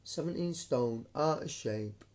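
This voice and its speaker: A man's voice: mid-range voice, animated, measured pace, a little mellow. A man, ranting emphatically into his phone camera on a live stream, swearing and calling listeners mate. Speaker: vlogger.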